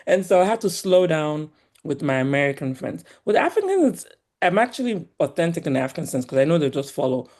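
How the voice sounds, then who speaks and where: A woman with a Nigerian accent softened by years in the US, talking as a guest in an animated, emphatic way and laughing often. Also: low voice, brisk. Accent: Nigerian, polished by years in the US. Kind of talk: casual conversation.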